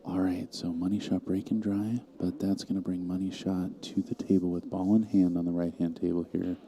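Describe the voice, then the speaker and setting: Low dark guy doing chill pool play-by-play, kinda dry. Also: level tone, normal speed, slight background noise. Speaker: pool commentator. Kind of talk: live stream commentary.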